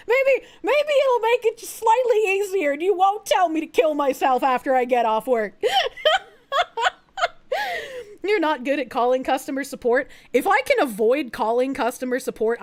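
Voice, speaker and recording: A young woman streaming, chatting casually with her viewers in a rambling, profane way, with lots of fillers and frequent giggles. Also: high-pitched. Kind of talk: casual livestream chat.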